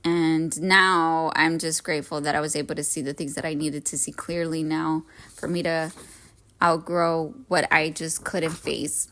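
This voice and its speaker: A woman in her thirties talks alone into her podcast mic, slow and deliberate with a somewhat low voice. She is earnest and openly emotional, sharing lessons and cheering her listeners on. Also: little pitch movement, fairly bright tone. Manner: emotional, earnest, self-help encouragement. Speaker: podcast host. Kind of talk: reflective solo podcast talk.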